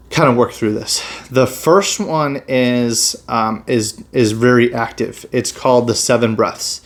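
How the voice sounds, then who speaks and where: A man, a chiropractor, explaining meditation and breathing techniques in a relaxed, casual way, with many fillers and restarts. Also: medium pitch. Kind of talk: casual health instruction.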